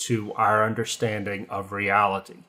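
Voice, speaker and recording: A man's voice: on the low side, completely flat delivery, normal speed, pushed and bright. Chatty man telling a travel story. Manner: chatty storyteller, trailing off and restarting. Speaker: guest writer. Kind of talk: casual podcast conversation. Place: hotel room.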